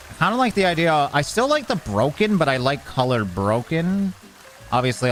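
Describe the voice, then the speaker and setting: A young man giving casual, chatty commentary while playing a building game, joking at his own expense and getting excited over small things. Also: mid-range voice. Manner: chatty, self-mocking, easily excited. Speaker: gaming streamer.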